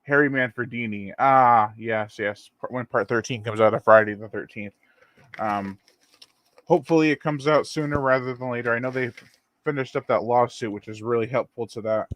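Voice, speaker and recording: A man's voice: medium pitch, normal speed, dry recording. Male host, easygoing rambling live-stream chat, dry close sound. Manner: rambling and relaxed, reads viewer comments aloud. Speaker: channel host.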